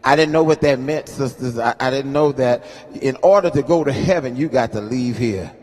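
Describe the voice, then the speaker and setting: A man in his fifties preaching at a funeral service, calling out to the congregation for responses and moving between quiet asides and loud, chanting scripture readings. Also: medium pitch, moderate pace. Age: 50s. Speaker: guest preacher. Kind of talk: sermon at a homegoing service. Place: funeral home chapel. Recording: long hall reverb in a chapel.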